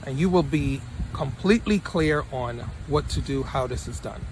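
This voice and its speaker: A man's voice: medium pitch, moderate pace, slight background noise. A male mentor giving a motivational talk to camera, emphatic and repeating his points for punch. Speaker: study-abroad mentor.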